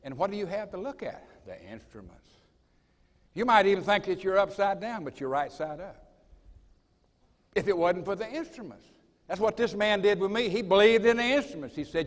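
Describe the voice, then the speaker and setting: A man's voice: sits high, sing-song, brisk. An older man telling a folksy, emphatic story as a speaker at a college assembly. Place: school assembly hall. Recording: long reverb of a large hall.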